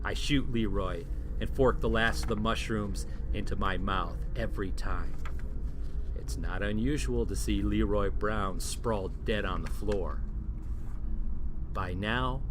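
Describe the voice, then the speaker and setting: A man hosting a show, narrating surreal scripted stories in a deadpan, unhurried way. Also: lowish voice, noisy background. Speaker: host.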